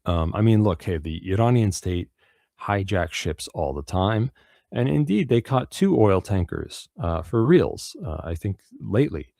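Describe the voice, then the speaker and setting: A man's voice: fairly low pitch, lively intonation, a little slow, creaky, mellow, no echo, studio quality. A man hosting a radio show, giving loose, profane news commentary full of fillers and restarts.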